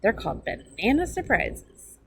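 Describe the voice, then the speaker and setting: Storybook boy, stubborn and insistent, voiced by a woman reader, lively pitch, noisy recording. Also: a little slow, creaky, exaggerated voice. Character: young boy who loves chocolate. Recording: background noise.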